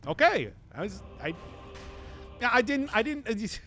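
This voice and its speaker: Streaming a game, a Midwestern man with a local accent keeps up casual, rambling chatter, giggling and laughing often. His extremely high, sing-song voice moves at a moderate pace with a sharp tone. A slight hiss or hum is audible.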